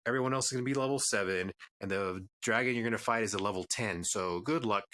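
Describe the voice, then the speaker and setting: A man on a podcast talking bluntly in relaxed chat, swearing as he explains himself. His voice sits low but has a sharp, forceful edge. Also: quick pace. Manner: blunt, swears, laughs easily. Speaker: podcast co-host. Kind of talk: casual chat.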